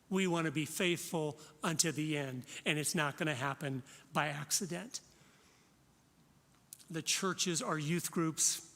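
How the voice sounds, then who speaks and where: Man, fifties, from Florida, impassioned conference talk, direct preacherly delivery, slightly high voice. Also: a bit bright. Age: 50s. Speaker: conference speaker. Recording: long reverb of a large hall.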